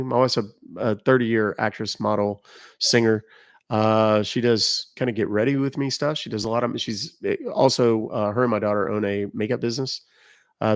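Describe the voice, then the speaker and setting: A middle-aged man chatting casually on a live stream, rambling and joking as he reacts to viewer comments. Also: fairly low pitch. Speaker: live streamer reading chat.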